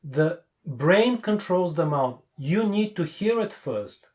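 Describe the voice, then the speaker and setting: A non-native English-speaking man with a somewhat high voice, coaching in a casual call. He talks bluntly and with emphasis, and he hammers his main points again and again. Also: big pitch swings, slow. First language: not English. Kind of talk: casual video call chat.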